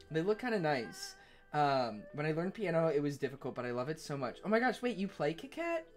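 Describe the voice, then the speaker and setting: A man's voice: fairly high pitch, fairly bright tone. A male streamer chatting casually and rambling while reading chat, swearing offhandedly and laughing easily. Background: faint piano playing.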